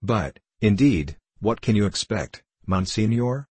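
In an audiobook, a man reads the part of a smug, grumbling middle-aged prison governor who rambles on with complaints. His lowish voice is unhurried, mellow and a touch rough, with lively intonation and no echo.

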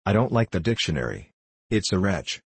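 A proud, impulsive little girl in a storybook, giving lofty orders as a man reads her lines. The voice stays low and slightly husky instead of rising high. It is close and dry. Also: sing-song, moderate pace, no echo, full character voice. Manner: lofty, bossy play-acting.

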